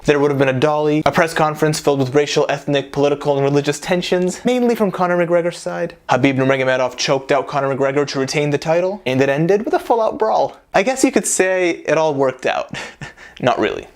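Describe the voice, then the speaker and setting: Joking male vlog host. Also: fairly high pitch. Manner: joking, animated, chuckling asides. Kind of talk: comedic commentary vlog.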